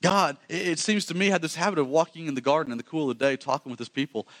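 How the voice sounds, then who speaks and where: A male pastor preaching a sermon, animated and quick, swinging from loud emphasis to hushed lines. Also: fairly high pitch.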